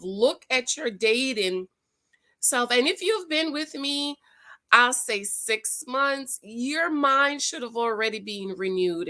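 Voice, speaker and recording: Woman, dating advice host, sassy and preachy, high voice, bright tone. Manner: sassy, preachy, talks straight to viewers as "girl". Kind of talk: casual reaction commentary.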